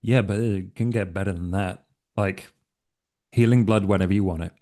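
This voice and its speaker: A man's voice: sits low, fairly even intonation, moderate pace, dark tone. A man playing a tabletop game, speaking in character in a laid-back, offhand, persuasive way. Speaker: player.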